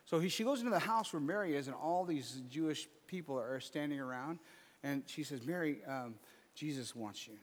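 A man's voice: a little high, brisk, big-room sound. A man preaching a sermon as pastor, reading scripture aloud and then breaking into casual, conversational asides.

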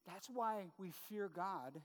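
A middle-aged man preaching a sermon as pastor, conversational and full of quick "right?" asides to the congregation. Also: sits high, lively intonation, big-room sound.

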